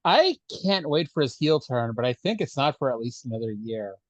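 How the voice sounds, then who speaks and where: A man's voice: mid-range voice, sing-song, normal speed, no echo, low-quality recording. A man co-hosting a wrestling podcast in casual chat, joking sarcastically and swearing freely. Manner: sarcastic, profane. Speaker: podcast co-host.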